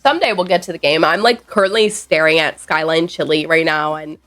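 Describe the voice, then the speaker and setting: A woman's voice: deep voice, fairly quick, a bit bright, faint music behind. A woman streamer chatting casually with her viewers, rambling and reacting playfully to chat messages. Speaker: live streamer.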